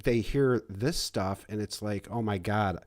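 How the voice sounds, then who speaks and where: Halting man hosting a chat. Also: lowish voice, a little mellow. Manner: halting, many fillers and restarts. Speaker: podcast host. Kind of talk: casual interview chat.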